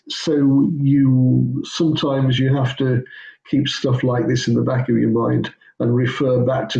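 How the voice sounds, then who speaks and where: A man working slowly through a grammar lesson in a low, gravelly voice with a dark, mellow tone. He talks in an informal, unhurried way, hesitating often and correcting himself as he goes. The sound is roomy, with noticeable echo. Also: dull audio. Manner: hesitant, many ums and self-corrections. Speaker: pastor teaching biblical Greek. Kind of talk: informal teaching walkthrough.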